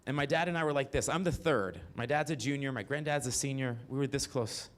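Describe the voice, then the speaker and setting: A brisk, medium-pitched voice belongs to this solo performer from Mississippi, aged in his 40s, who recounts his life story on stage. He's frank and profane, regularly addressing the crowd directly.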